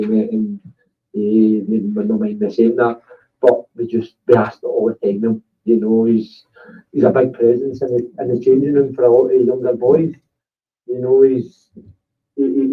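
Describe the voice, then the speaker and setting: A Scottish man, a football manager, talking in a rambling way with repeated restarts on a phone-in. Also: on the low side. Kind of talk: phone-in interview. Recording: distant tinny phone line.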